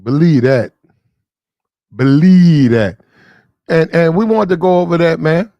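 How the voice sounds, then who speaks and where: A man's voice: on the high side, expressive, a little fast, vocal fry, dry recording, highs cut off. A man hosting casual opinion commentary, preachy and repetitive, talking straight to the people he discusses. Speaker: commentary channel host.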